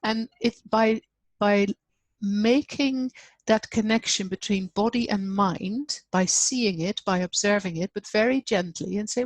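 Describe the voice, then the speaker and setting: Brief: soft-spoken female grief counselor, reflective, mid pitch, dry close mic. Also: normal speed, dry recording. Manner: gentle, reflective, acts out client dialogue. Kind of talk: conversational interview.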